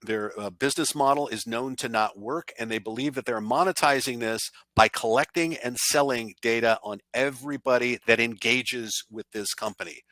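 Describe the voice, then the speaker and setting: A man's voice: medium pitch, moderate pace, few pauses, pushed and bright, no room sound. A man presenting a cybersecurity awareness training in a conversational style, giving blunt, emphatic warnings.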